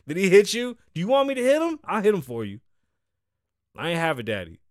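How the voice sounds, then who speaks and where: A man's voice: high voice, wildly swooping pitch, normal speed, no echo, clean studio sound. A man from the Bronx, hosting a podcast in loose, profane, riffing chat and teasing his co-host. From the Bronx, New York. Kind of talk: casual freestyle podcast talk.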